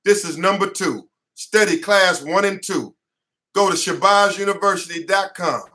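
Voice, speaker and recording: At normal speed, an attorney who also teaches lectures his class from his office with passion, his voice high, bright and forceful. He sounds more like a preacher than an explainer, repeating phrases for emphasis and sweating as he goes.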